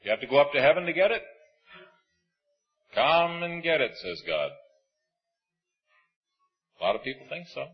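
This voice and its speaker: Preaching fairly quickly and pausing often, a husky-voiced man lets his pitch rise and fall dramatically. He hammers some phrases and hushes others, and the lo-fi, dull recording carries faint music underneath.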